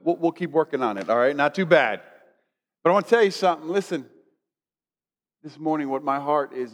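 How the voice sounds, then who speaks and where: Pastor, male, chatty preacher, slightly high voice, echoing sanctuary. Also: animated, fairly quick, pauses often. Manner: conversational, preacherly, leads congregation in declarations. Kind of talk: sermon. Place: church sanctuary. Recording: long hall reverb.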